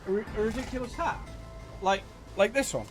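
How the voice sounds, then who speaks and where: With music playing in the background, a high-pitched man speaks a little fast in a let's play. He reads the game's dialogue out loud using playful character voices, joking around between the lines.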